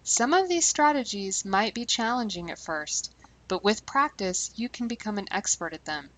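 A woman language teacher giving scripted instructional narration, speaking clearly and slowing down deliberately on key terms. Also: medium pitch, expressive, a bit bright, low-quality recording.

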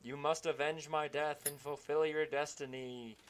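A man's voice: fairly high pitch, fairly even intonation, moderate pace, a crowd in the background, natural voice. A man doing a moaning, strained ghost. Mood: solemn.

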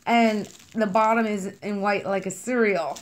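A chatty woman with a New York accent unboxes and sniffs scented wax melts in a casual vlog, rambling and gushing over scents and colors. Bubbly and self-described as kooky, she speaks in a mid-range voice with fairly even intonation, a little slowly.

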